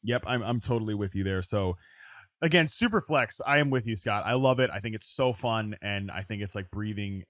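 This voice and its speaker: A man hosting a casual sports podcast, talking in quick bursts with frequent restarts and "right?" tags. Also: lowish voice, fairly bright tone, no room sound. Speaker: podcast host. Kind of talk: casual fantasy football chat.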